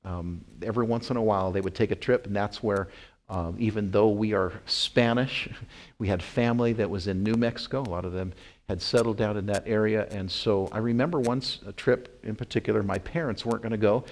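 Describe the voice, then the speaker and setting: A man's voice: fairly low pitch, fairly quick. Earnest middle-aged male preacher. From Wyoming. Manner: earnest preaching with rising emphatic peaks and many fillers. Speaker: pastor. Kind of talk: sermon.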